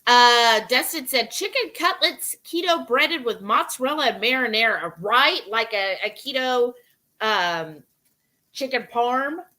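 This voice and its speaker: Reading chat on her cooking livestream, this woman casually welcomes each viewer by name. She sounds a little high, animated and sharp, without rushing.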